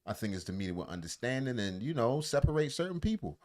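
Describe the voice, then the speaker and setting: A man co-hosting a podcast in casual chat, animated and jokey, often acting out the people he talks about. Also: medium pitch, fast talker. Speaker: podcast co-host.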